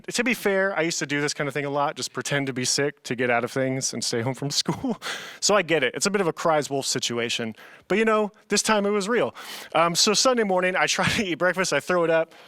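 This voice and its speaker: Earnest young youth pastor, bright voice. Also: male voice, a little high, no room sound. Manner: earnest, casual, says "man" often. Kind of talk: youth sermon.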